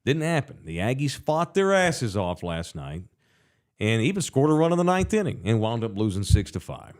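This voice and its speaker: Profane middle-aged podcast host. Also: male voice, mid-range voice, sing-song, moderate pace, a little mellow. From Texas. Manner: rambling, profane storytelling. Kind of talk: casual sports talk. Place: bar studio.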